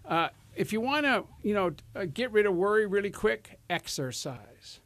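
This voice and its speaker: A man's voice: high voice, very animated, normal speed, a bit bright. A man hosting a casual self-help talk show, chatty and rambling, laughing often. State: out of breath. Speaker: host.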